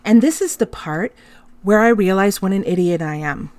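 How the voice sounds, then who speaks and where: A woman's voice: medium pitch, normal speed, a little mellow, no echo. A middle-aged woman hosting a podcast, telling a personal story in a candid, emotional way and swearing freely. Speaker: podcast host.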